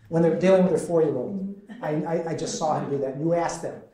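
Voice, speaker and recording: A man leading a conversational Bible study as a deacon, animated and quizzing his group with frequent chuckles. His voice is mellow and sits fairly high. It rings in an echoey parish meeting room. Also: brisk.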